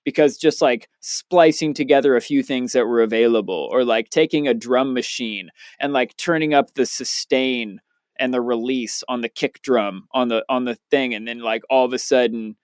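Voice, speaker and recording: A young man co-hosting a podcast in casual chat, telling stories loosely and excitedly with plenty of swearing. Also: mid-range voice, moderate pace, clear, resonant tone, no echo, clean studio sound. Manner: loose, profane, excitable storyteller. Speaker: podcast co-host, DJ.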